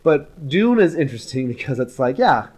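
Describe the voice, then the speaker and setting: Podcast guy getting excited about a movie, rambly and lively, mid pitch. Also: moderate pace, slightly rough. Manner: animated, chatty, jumps between thoughts. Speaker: podcast co-host. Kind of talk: casual film discussion.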